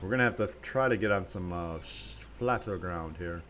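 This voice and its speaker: A laid-back man with a somewhat low voice talks through a live stream of a logging game. He rambles and thinks aloud, chatting to his viewers between tasks. Faint chainsaw noise runs underneath his voice. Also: normal speed, a bit bright. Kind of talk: casual live-stream commentary.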